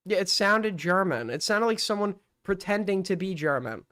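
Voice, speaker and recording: A man's voice: sits high, expressive, moderate pace, bright, forceful tone. A young man hosting a live stream with call-ins, casual and mocking as he accuses a caller.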